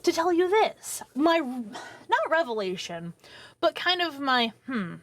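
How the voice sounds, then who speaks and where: A woman in her thirties, a streamer telling a long personal story to her viewers in a profane, rambling, animated way. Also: sits high, takes it slowly. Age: 30s.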